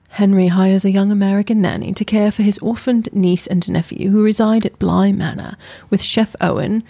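A woman's voice: mid-range voice, fairly even intonation, normal speed, hardly any pauses, warm tone, no room sound. A woman co-hosting a podcast, chatting casually and with playful insistence as she reviews a series. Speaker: podcast co-host.

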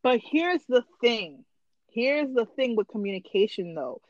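A woman co-hosting a podcast in casual chat, slangy and animated, making long points. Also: fairly high pitch, measured pace, no room sound, muffled recording. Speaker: podcast co-host.

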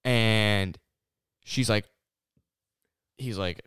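A man's voice: medium pitch, normal speed, fairly bright tone, clean tone, no room sound, clean studio sound. A young man co-hosting a podcast, chatting casually, laughing often and mock-reading a story in a sarcastic voice. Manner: laughs often, reads lines in a sarcastic put-on voice. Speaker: podcast co-host.

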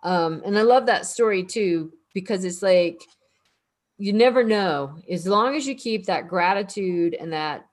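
A woman's voice: mid-range voice, a little slow. Woman host asking guests questions. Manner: prompting questions, summing up points. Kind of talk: casual discussion.

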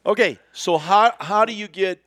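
A man's voice: high-pitched, normal speed, fairly bright tone, no room sound, clean studio sound. A man hosting a casual talk show, telling a long story with lots of laughter and acted-out quotes. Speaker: podcast host.

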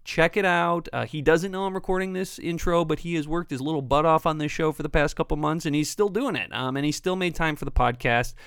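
A man co-hosting a laid-back comedy podcast, trading jokes and self-deprecating banter. His voice sits a touch high for a man, with a gravelly edge over a smooth, resonant tone. The sound is close and dry. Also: fairly quick, hardly any pauses, fairly bright tone, no room sound. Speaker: podcast co-host. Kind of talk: casual comedy podcast chat.

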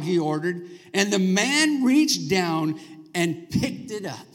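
Husky, high-voiced preacher man in a hall. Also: expressive, unhurried, a bit bright. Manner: conversational preaching, prompts the congregation to answer. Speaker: pastor. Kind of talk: sermon. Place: church sanctuary. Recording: long reverb of a large hall.

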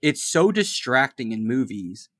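A man's voice: mid-range voice, measured pace. A man co-hosting a casual movie podcast, retelling scenes and acting out lines in playful voices, laughing often. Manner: animated, acts out quotes in funny voices. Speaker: podcast co-host.

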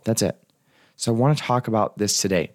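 A male coach in a solo podcast monologue, speaking in a lowish voice at a quick clip. He is casual and earnest, and tosses in the occasional swear word. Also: darkish tone. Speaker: life and business coach.

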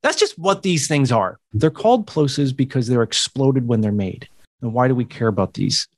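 A man's voice: medium pitch, lively intonation, moderate pace, dry recording, clean studio sound. A man from the United States, a communication coach, explaining things in a podcast interview with occasional laughs.

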